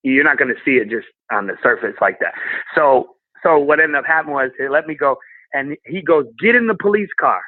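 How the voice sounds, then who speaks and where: A man who is a guest comedian, telling candid personal stories in a casual, animated way. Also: medium pitch, no room sound. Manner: candid and animated, with quick laughs. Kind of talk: casual storytelling. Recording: tinny phone-like line.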